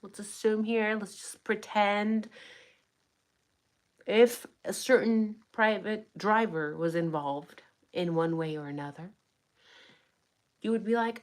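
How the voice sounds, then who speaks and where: A woman's voice: medium pitch, takes it slowly, pauses often. A young adult woman giving blunt, sarcastic true crime commentary in a casual livestream, swearing freely.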